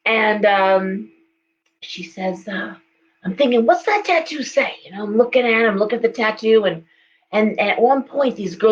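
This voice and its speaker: A woman psychic hosting a live stream, telling stories in a casual, animated way and acting out the voices of people she quotes. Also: a little high, dull audio, a little hiss or hum. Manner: animated, acts out quoted voices, many restarts. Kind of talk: casual storytelling chat. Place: indoors, shop.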